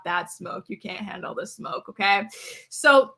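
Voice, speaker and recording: A woman hosting a reality TV recap, talking in an animated, sassy way and mocking the cast. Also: mid-range voice, a little slow. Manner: animated, sassy, quotes people in mocking voices. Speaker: host.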